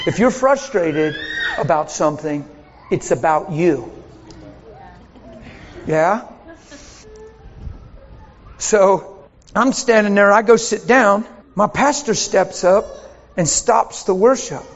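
A man preaching a sermon as a pastor, telling a story in an animated way with laughs along the way. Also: high-pitched, slow pace, pauses often, in a large hall, muffled recording, a little hiss or hum.

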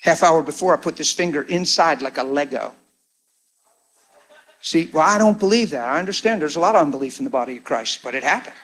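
A middle-aged man preaching a testimony as a story, animated, acting out the people in it and dropping to hushed tones. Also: a little high, brisk.

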